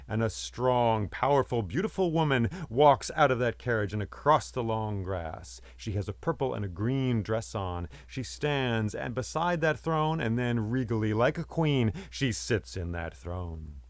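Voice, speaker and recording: A man's voice: lowish voice, moderate pace, no echo. A man telling a myth aloud as a storyteller, with rhythmic, repeating phrases. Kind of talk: oral storytelling of myths.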